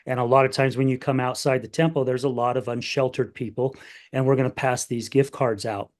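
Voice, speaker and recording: A man's voice: mid-range voice, fairly even intonation, a little fast. A middle-aged man hosting a podcast, telling a heartfelt family story in casual chat, getting emotional and acting out the voices of his family. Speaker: podcast host.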